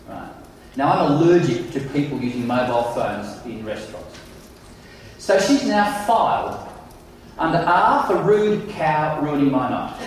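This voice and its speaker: A middle-aged man giving a conference keynote, telling stories in an animated, self-mocking way, recorded in a large hall. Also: on the high side, far from the mic, slight background noise. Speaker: keynote speaker. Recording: echoey hall, mic heard from afar.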